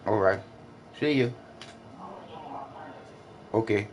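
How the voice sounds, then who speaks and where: A man's voice: lowish voice, drawn-out words, darkish tone, a little hiss or hum. A man trash-talking another player during an online game, taunting and mocking with repetitive jeers.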